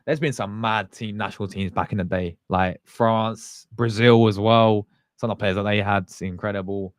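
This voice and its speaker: A man's voice: fairly low pitch, steady tone, moderate pace, dry recording, studio quality. A man, hosting a casual livestream and chatting with viewers in a loose, slangy, rambling way. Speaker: fan channel host.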